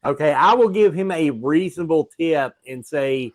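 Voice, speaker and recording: A man's voice: fairly high pitch, expressive, moderate pace, few pauses, dry recording. A man playing a tabletop game, hesitant and stumbling over his words as he plans his character's moves. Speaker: player.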